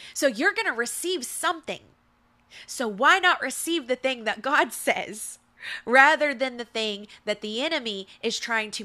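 A woman's voice: fairly high pitch, sharp tone. A woman hosting a faith-based motivational talk, speaking in an emphatic, repetitive, preacherly way. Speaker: podcast host.

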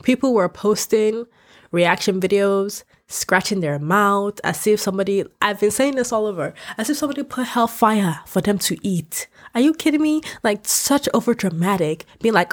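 A young woman from West Africa hosting a podcast, talking candidly in an animated, ranting way. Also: mid-range voice, moderate pace. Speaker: podcast host. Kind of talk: casual podcast rant. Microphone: podcast microphone.

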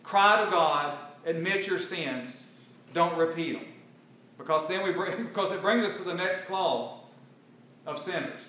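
A man preaching a sermon and quoting scripture, swinging between loud emphatic bursts and quiet earnest stretches. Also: high voice, measured pace, very echoey, recorded from a distance, a little hiss or hum, rough recording.

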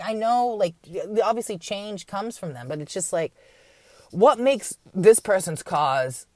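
A woman with a medium-pitched, slightly mellow voice hosts a podcast, rambling through a late-night rant packed with profanity and wry asides. She acts out others with mocking impressions, and the recording is dry.

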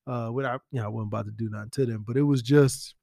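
Gravelly man telling stories casually. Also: mid-range voice, quick pace, no echo, studio quality. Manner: animated, slangy storytelling with acted quotes and whispered asides. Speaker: friend giving a spoken tribute. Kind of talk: casual storytelling.

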